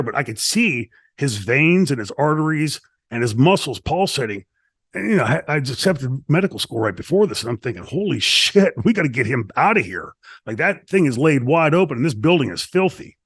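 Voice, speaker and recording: A middle-aged man tells a backstage wrestling story in an animated, profane way, acting out what people said along the way. His voice sits at an ordinary male pitch. The studio sound is dry and close. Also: dry recording. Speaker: retired wrestler telling a story. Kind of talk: shoot interview storytelling. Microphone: studio mic.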